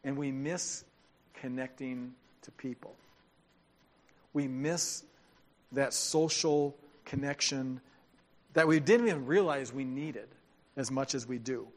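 A man's voice: mid-range voice, slow, pauses often. A male pastor giving a sermon, reading scripture dramatically and then talking it through in a plain, conversational way.

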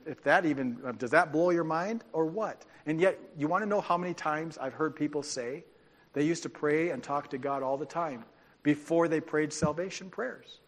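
A man preaching a sermon as pastor, speaking in an animated, informal way with restarts and asides. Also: fairly high pitch. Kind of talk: conversational sermon.

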